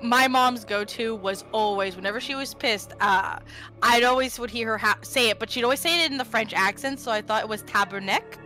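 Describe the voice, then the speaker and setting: A woman's voice: fairly high pitch, brisk, sharp tone, soft background music, low-quality recording. A woman streaming and chatting casually with friends, talking in loose, restarting sentences. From half Quebecois family. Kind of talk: casual chat.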